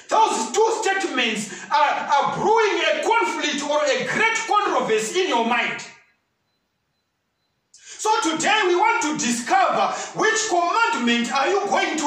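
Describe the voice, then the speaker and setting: A man delivers a sermon in a very high, lively voice that swoops and rises into fervent shouts for emphasis, his tone bright and forceful. He speaks a little slowly and sounds far from the mic, in a room with heavy echo.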